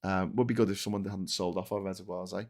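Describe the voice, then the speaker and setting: A man's voice: sits low, fairly even intonation, quick pace. Man, show host, ranting, exasperated, casual news commentary, reads viewer chats.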